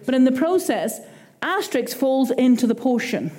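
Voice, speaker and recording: Preaching with a high-pitched voice at a normal pace, an Irish-accented woman keeps her sermon lively and conversational, performing brief quoted back-and-forths as she goes.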